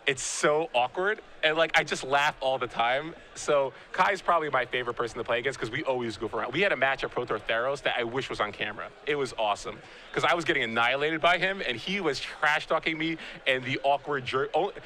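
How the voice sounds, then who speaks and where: A man in his thirties doing live game commentary, a chatty and animated storyteller who often restarts his sentences. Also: mid-range voice, fairly quick, few pauses. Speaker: guest commentator, pro player.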